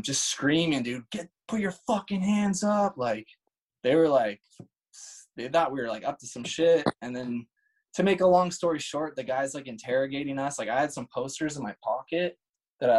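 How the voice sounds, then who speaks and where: A man's voice: mid-range voice, expressive, moderate pace, breathy edge, low-quality recording. A man in his thirties telling a story as a guest, casual and full of slang and swearing. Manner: laid-back, swears, lots of "like" and "dude".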